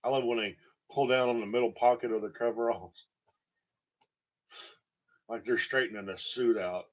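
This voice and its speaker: Guy rambling and cracking jokes, mid pitch, kinda muffled lo-fi audio. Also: steady tone, moderate pace. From Tennessee, USA. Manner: joking, rambling, laughs at own jokes. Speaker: storytelling vlogger. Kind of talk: rambling comic storytelling. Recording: dull lo-fi recording.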